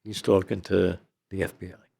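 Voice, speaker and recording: This is an older man with a rough, gravelly voice that sits a little low. He tells his story in a loose, rambling way, leaning on "you know" and "okay?" as an interview guest. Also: flat delivery, moderate pace, darkish tone.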